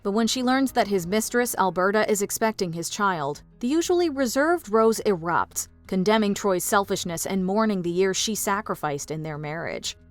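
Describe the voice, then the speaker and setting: A woman giving polished, even, scripted narration for a film countdown. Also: medium pitch, normal speed, hardly any pauses, faint music behind.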